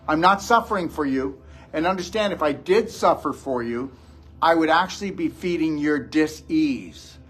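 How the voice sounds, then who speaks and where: A man's voice: on the high side, normal speed, fairly bright tone, slightly rough, faint music behind. A man giving a blunt, scolding motivational lecture to a live audience as a wellness show host.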